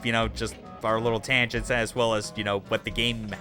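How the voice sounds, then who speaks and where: A man's voice: on the low side, little pitch movement, brisk, bright, forceful tone, soft background music. A young man hosting a game stream, chatting casually, swearing freely and laughing often. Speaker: streamer host.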